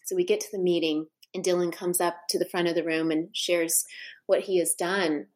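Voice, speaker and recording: A woman's voice: fairly low pitch, fairly even intonation, normal speed, a little mellow. A middle-aged woman telling personal stories to an interviewer, heartfelt and full of restarts and asides. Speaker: guest. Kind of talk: personal storytelling in a conversation.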